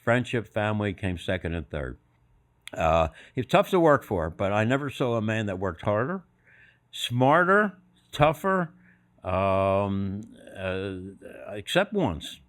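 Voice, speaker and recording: A man's voice: lowish voice, sing-song, takes it slowly, a bit bright. An older man on a podcast as a guest, telling anecdotes and acting out other people's voices in quotes. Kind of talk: storytelling anecdotes.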